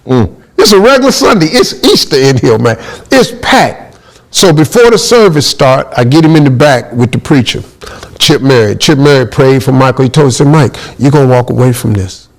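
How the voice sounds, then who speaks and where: Man, middle-aged, comic storyteller, gravelly, animated pitch, acts out the quotes. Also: moderate pace, low-quality recording. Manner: lively, exclaims and acts out quotes. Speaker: comedian telling a story.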